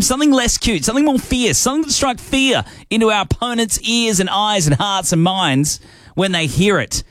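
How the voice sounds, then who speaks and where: A man's voice: sits high, fairly bright tone, no room sound. An Australian man hosting a breakfast radio show, chatty and upbeat with playful asides, on a studio microphone. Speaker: radio host.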